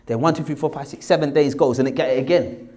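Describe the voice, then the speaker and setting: A man telling a lively personal story, acting out the voices of the people in it. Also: mid-range voice, quick pace. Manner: animated, acts out quoted voices. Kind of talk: casual anecdote.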